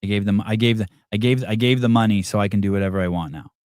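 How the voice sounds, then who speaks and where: A man's voice: fairly low pitch, rapid-fire, darkish tone, dry recording, studio quality. A man hosting a livestream podcast, swearing heavily and mocking a caller in a combative rant. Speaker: podcast host. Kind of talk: heated livestream chat.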